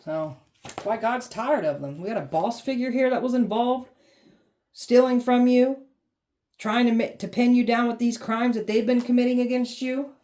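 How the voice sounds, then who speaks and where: Blunt, sassy woman with a mellow voice. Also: on the high side, normal speed. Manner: blunt, sassy, swears freely; mocking, heated delivery. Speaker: tarot reader. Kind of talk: tarot reading monologue.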